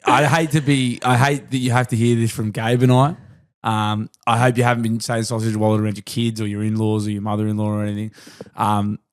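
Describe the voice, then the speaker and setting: Blunt, swearing co-host. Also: male voice, on the low side, level tone, fairly quick, clean tone. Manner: blunt, swears freely, laughs easily. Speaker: podcast co-host. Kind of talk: casual chat.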